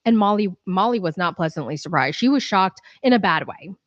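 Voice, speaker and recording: A woman's voice: fairly low pitch, lively intonation, fairly quick, dry recording, lo-fi sound. A woman hosting a casual, opinionated recap of a reality show. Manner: chatty, opinionated, acts out quoted lines. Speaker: host.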